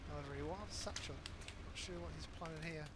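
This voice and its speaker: A man calls a live online shooter match in fast, excitable play-by-play, stumbling and correcting himself as the action unfolds. His voice sits a little high for a man. Steady in-game gunfire and battle ambience run underneath him. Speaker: game commentator. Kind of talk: live esports commentary. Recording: noisy with gunfire in background.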